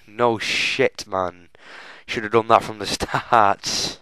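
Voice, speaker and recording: A man's voice: medium pitch, slow pace, fairly bright tone, smooth, no room sound, poor audio. A young man giving chatty, self-mocking walkthrough commentary on a game, often addressing viewers as folks. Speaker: gaming channel host.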